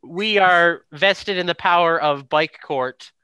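A man's voice: a little high, slow pace, pushed and bright, clear, resonant tone, dry recording. A man hosting a casual chat, easygoing and hesitant, with many fillers as he asks the others for their statements. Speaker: podcast host, moderator.

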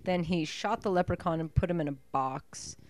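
A woman's voice: lowish voice, moderate pace. A Scottish woman co-hosting a podcast, chatting casually about a movie, teasing and laughing often. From Scotland. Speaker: podcast co-host. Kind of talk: casual movie commentary chat.

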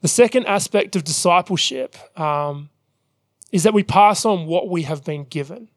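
Earnest pastor preaching with a higher voice. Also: male voice, no room sound, clean studio sound. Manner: earnest, measured preaching with frequent "um" fillers. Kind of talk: sermon.

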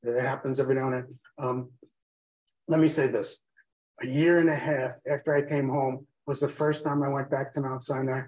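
Man, guest storyteller, warm dark tone, rambling and emotional. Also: medium pitch, little pitch movement, moderate pace, poor audio. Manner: rambling, drifts off track, many fillers. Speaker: podcast guest telling his own story.

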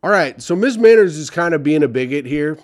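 A man's voice: a little high, expressive, a little fast. A young man reading advice letters aloud and ranting about them with sarcastic, profane commentary. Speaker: comedy podcast host reading advice columns.

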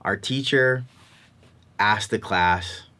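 A man telling a personal story in a talk, in an expressive, animated way. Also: lowish voice, drawn-out words. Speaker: speaker.

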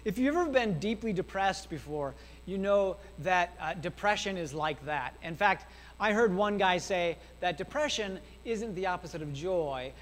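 A man preaching a sermon, talking straight to the congregation in an animated, conversational way. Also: sits high, moderate pace. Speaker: pastor. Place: church sanctuary. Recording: long hall reverb.

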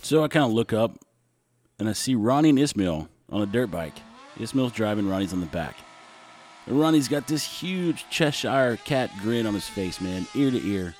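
Low-voiced man telling blunt stories. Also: animated, moderate pace, a little mellow, a little hiss or hum. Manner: blunt, ranting and wry. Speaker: podcast host. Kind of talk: casual storytelling monologue.

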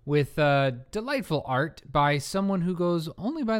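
A man co-hosts a board game podcast, chatting casually in a joking, rambling, self-mocking way. His voice sits on the high side with big pitch swings, a measured pace, and a clear, resonant tone.

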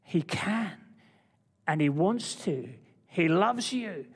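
A man preaching a sermon with passion, swinging from loud declarations to hushed, intimate asides. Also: high-pitched, expressive, takes it slowly, husky, long reverb tail.

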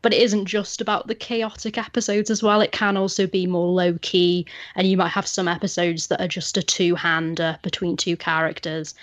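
A woman's voice: fairly low pitch, steady tone, moderate pace, few pauses, dry recording. A woman hosting a podcast, talking in a chatty, enthusiastic and thoughtful way. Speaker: podcast host. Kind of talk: casual chat.

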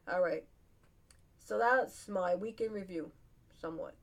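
A woman's voice: lowish voice, slow pace, vocal fry. A woman hosting her podcast, chatting casually, rambling and laughing often. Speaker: podcast host. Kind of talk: casual solo chat.

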